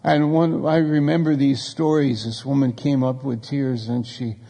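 A man's voice: medium pitch, flat delivery, moderate pace, gravelly, warm tone, in a large hall. A man preaching a sermon, telling stories in a conversational way and acting out the people in them. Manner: storytelling, conversational preaching with acted quotes. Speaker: pastor.

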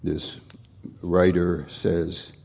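Slow gravelly pastor preaching. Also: male voice, low-pitched, flat delivery, darkish tone. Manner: unhurried, repeats and restarts words. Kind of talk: sermon.

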